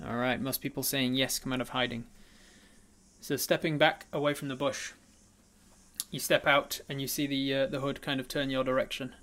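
A man's voice: mid-range voice, a bit bright. A man narrating a tabletop role-playing game as game master, describing the scene with frequent ums and uhs.

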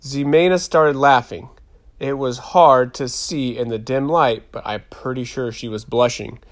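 A man narrating a first-person story in a calm, even reading. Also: medium pitch, unhurried. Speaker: audiobook narrator.

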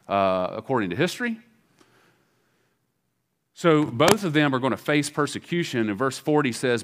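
A man with a Southern American accent preaching a sermon as pastor, acting out biblical dialogue in a casual, animated way. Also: mid-range voice.

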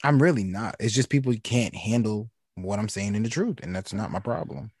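A man co-hosting a podcast in casual chat, blunt and sassy, telling animated stories. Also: on the low side, a little fast, breathy edge, no echo, studio quality. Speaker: podcast co-host.

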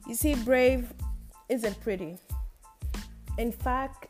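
Woman, podcast host, casual and playful solo talk, middle pitch, faint music underneath. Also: measured pace. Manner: playful, chatty, laughs at her own jokes.

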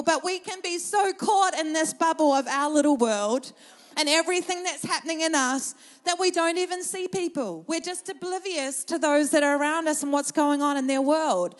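High-voiced woman preaching with passion. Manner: passionate, storytelling, builds to urgent emphasis. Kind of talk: sermon.

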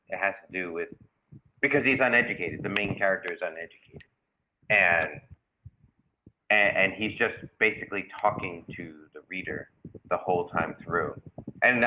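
A man's voice: low-pitched, narrow, tinny audio, a little hiss or hum. A man from New York, a guest author, chatting casually over a call with many restarts and easy laughter. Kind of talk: casual podcast chat. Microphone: video call.

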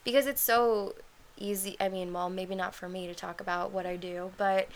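A woman's voice: medium pitch, steady tone, normal speed. A woman co-hosting a casual chat, rambling with many fillers and restarts. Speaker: podcast co-host.

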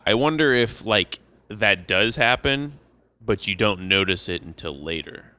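A man's voice: fairly low pitch, expressive, unhurried, bright, forceful tone, dry recording. A man chatting casually on a podcast, rambling through long stories and laughing at his own jokes. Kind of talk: casual chat.

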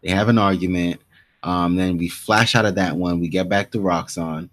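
A man's voice: deep voice, fairly even intonation, normal speed, a bit bright. A man co-hosting a podcast, casually recapping a TV episode and talking through the scenes with many restarts. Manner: rambling recap with quoted lines and many restarts. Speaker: podcast co-host.

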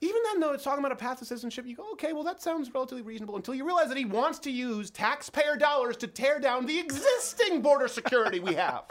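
A man hosting a comedic political talk show, animated and jokey, slipping into mock voices. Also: very high-pitched, racing, few pauses. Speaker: host.

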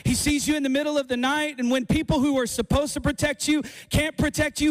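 A man's voice: very high voice, fairly even intonation, brisk, hardly any pauses. A man preaching a sermon as pastor, repeating phrases and restarting lines as he builds to fervent emphasis. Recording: long hall reverb.

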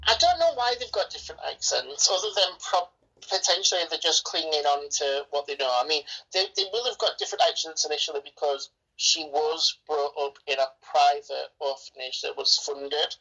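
A woman's voice: sits low, moderate pace, creaky, bright, forceful tone, slightly rough, low-quality recording. An Englishwoman chatting bluntly and enthusiastically about a film, swearing freely. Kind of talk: casual film review chat.

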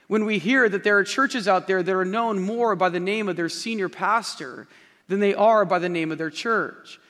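High-voiced male pastor preaching in a hall. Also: a bit bright. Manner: emphatic preaching, repeats key phrases, addresses the congregation directly. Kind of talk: sermon. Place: large church auditorium with a stage. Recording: long reverb of a large hall.

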